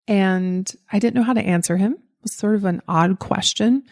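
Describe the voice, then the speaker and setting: A woman from the Southern United States with a faint Southern accent, a podcast host giving a motivational talk and telling a personal story in a lively way. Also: medium pitch, normal speed. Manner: lively storytelling, acts out quoted voices. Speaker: podcast host and life coach.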